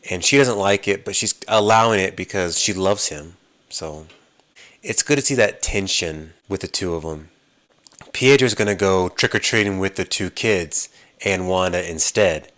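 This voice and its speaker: A man hosting a podcast, casually recapping TV episodes as an animated storyteller who mimics the characters' lines. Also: low voice, moderate pace. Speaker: podcast host.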